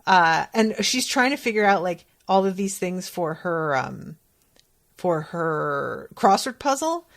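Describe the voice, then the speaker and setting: A woman hosting a podcast, casually recapping a TV episode in a chatty, candid way and acting out quotes with sudden pitch jumps. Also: expressive, takes it slowly, gravelly.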